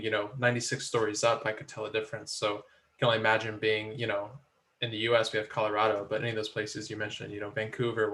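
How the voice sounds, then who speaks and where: A man's voice: fairly low pitch, pushed and bright. A man co-hosting a casual chat, hesitant with many "um"s and asking the guest questions.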